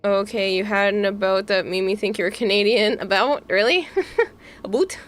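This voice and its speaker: With faint music behind her, the young Boston-accented streamer from Massachusetts talks briskly in a mid-range voice with a steady tone. As a VTuber, she giggles often while chatting casually and responding to her chat.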